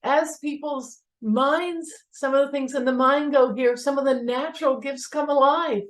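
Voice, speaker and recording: A woman's voice: high voice, unhurried. A woman sharing in an online group, rambling and searching for words. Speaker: participant. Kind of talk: personal share.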